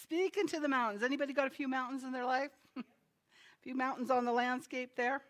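A woman's voice: sits high, fairly even intonation, fairly quick, a bit bright. A woman preaching a sermon in a chatty manner, laughing between her remarks. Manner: chatty, laughs often, tells jokes. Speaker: pastor.

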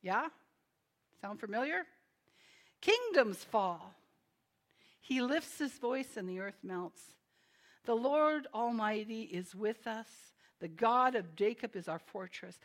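A woman preaching a sermon in a conversational, animated way, with dramatic pauses and quick laughing asides. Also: on the high side.

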